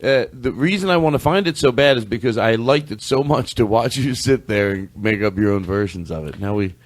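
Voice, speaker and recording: A man hosting a comedy podcast, excitable and earnest, often laughing. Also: on the low side, a little fast, no echo. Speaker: podcast host. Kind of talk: casual comedy chat. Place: podcast studio.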